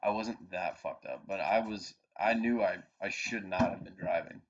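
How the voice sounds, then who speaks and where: A man in his twenties swaps stories on a podcast, swearing freely as he winds through an anecdote. His voice sits a little low, and the audio comes through dull and lo-fi. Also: moderate pace. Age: 20s. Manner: profane, animated anecdote-telling. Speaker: podcast co-host. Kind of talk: casual storytelling chat.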